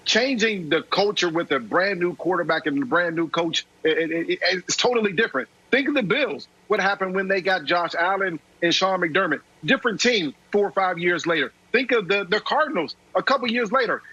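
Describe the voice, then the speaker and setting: A man's voice: sits high, lively intonation, brisk, hardly any pauses, sharp tone, breathy edge, no room sound, dull audio. A man who is a former player, giving emphatic sports commentary and repeating his key points.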